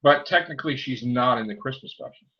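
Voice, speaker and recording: A man chatting on a casual fan podcast, animated, exclaiming and laughing often. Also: mid-range voice, quick pace. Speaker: podcast co-host. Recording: dull lo-fi sound.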